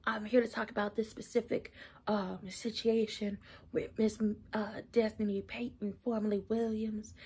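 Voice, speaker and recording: Hoarse young woman host, casual slangy rant, flat husky delivery. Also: medium pitch. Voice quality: husky, partly whispered. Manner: chatty, conversational, slangy. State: losing her voice, hoarse. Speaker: YouTube commentary host.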